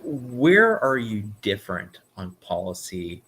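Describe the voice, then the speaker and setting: A man hosting a casual political chat, talking conversationally with some halting restarts. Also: fairly low pitch, sing-song, a bit bright, a little hiss or hum. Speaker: talk show host.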